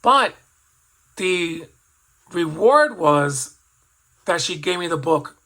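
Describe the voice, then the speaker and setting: Bright-voiced man in his fifties reminiscing. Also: on the high side, expressive, takes it slowly, low-quality recording. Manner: rambling, reflective, with frequent restarts and asides. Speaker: toy collector vlogger. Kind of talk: personal storytelling.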